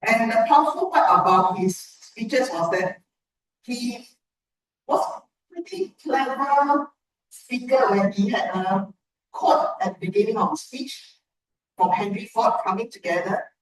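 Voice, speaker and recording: A woman giving a measured, encouraging speech evaluation at a club meeting. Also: fairly high pitch, lively intonation, slight background noise. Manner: measured, encouraging feedback with pauses. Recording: echoey room from far off.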